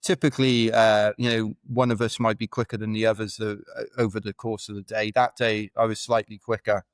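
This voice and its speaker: A man's voice: lowish voice, level tone, a little fast, clear, resonant tone, no echo. A British man telling rambling, self-deprecating stories as a podcast guest in casual chat. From United Kingdom. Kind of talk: casual anecdotal storytelling.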